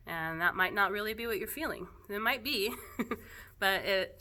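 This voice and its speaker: A woman teaching yoga talks to her students in a relaxed, unscripted way. Her voice is bright and clear but sits a little low, and her delivery is gentle and reflective, with soft laughs scattered through. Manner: gentle, reflective, laughs softly now and then. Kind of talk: casual spoken talk to students.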